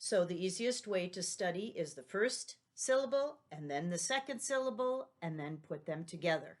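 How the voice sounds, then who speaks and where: A woman's voice: on the low side, lively intonation, moderate pace. A middle-aged woman teacher giving a patient spelling lesson for young children, spelling words out letter by letter.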